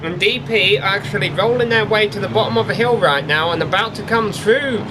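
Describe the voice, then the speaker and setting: An English man with a high, fairly quick voice gives chatty, informative play-by-play commentary on a sim race, building excitement as the race starts. The background is noisy.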